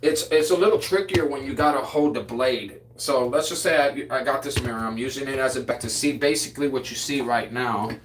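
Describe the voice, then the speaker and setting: A man in the middle pitch range chats on a livestream from home. He talks excitably in loose slang and keeps restarting his words. A faint hiss sits under his voice. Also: a little fast, few pauses. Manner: excitable, reads viewer comments aloud; drawling slang with frequent restarts. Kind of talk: casual livestream chat.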